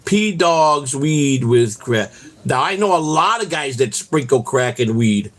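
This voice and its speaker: A man's voice: mid-range voice, expressive, a little slow. A man hosting his own vlog, telling rambling, profane stories outdoors on a walk and tagging his sentences with "man". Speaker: vlog host. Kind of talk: rambling casual storytelling while out walking.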